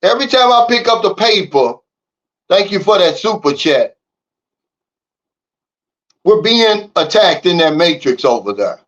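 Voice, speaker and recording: A man's voice: high-pitched, big pitch swings, measured pace, pauses often, fairly bright tone, lo-fi sound. A man hosting a livestream, reading the chat and ranting in a blunt, fired-up way. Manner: fired-up, blunt, repeats "Big Dog" and "okay?". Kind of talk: casual livestream talk. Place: living in the Philippines.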